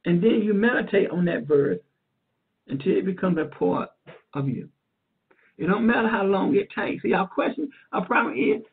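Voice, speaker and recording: A woman evangelist teaching a sermon in an earnest, repetitive way, warmly calling her listener "dear heart". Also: mid-range voice. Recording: tinny phone line.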